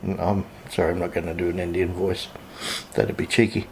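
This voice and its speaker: A man's voice: low-pitched, little pitch movement, normal speed, vocal fry, darkish tone, a little hiss or hum. An Australian man vlogging a casual update, indignantly retelling his phone calls in his own voice.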